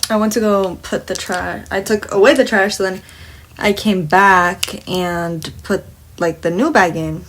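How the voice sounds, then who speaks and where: A woman's voice: medium pitch, steady tone, a little slow, a little hiss or hum. A young woman casually telling a work story while doing her makeup, blunt and full of swearing, acting out the dialogue. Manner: blunt, expletive-laden, indignant retelling with quoted dialogue.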